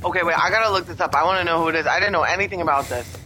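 A man with a high, very bright voice chats casually as co-host. He is animated and teasing. A faint hum of noise sits under the recording. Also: rapid-fire, poor audio. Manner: animated, reads poems aloud in a mocking voice. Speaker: podcast co-host. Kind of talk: casual chat.

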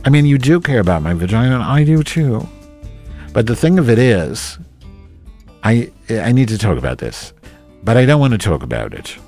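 Man, low voice, very lively pitch, profane rambling stream chat, loud bursts then mutters. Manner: profane, rambling, reacting to viewers; swings between loud outbursts and low mutters. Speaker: livestreamer reading chat.

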